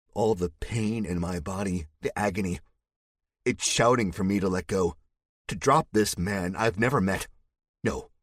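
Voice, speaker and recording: A man's voice: on the low side, breathy edge, no room sound, clean studio sound. A man narrating a first-person thriller audiobook with a gritty, tense delivery.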